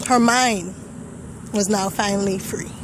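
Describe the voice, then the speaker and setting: A woman's voice: medium pitch, steady tone, unhurried, background noise. A young woman giving a personal testimonial, telling her story vividly and acting out the voices and thoughts she remembers. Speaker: testimonial speaker.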